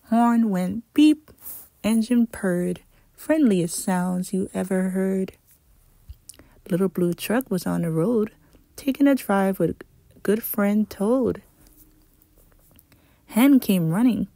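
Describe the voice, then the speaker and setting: A woman reading a children's picture book aloud in a gentle, unhurried storytime voice. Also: mid-range voice, creaky, no room sound.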